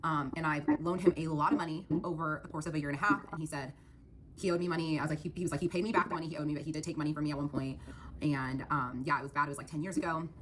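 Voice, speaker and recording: Woman rattling off her story real fast, deep voice, noisy clip. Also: steady tone. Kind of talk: storytime monologue.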